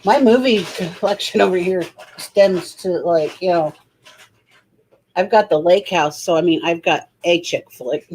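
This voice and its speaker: A woman chatting casually on a live stream, talking in an expressive, folksy and drawling way. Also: on the low side, measured pace, slight background noise, low-quality recording. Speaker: co-host in a live stream chat. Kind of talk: casual chat.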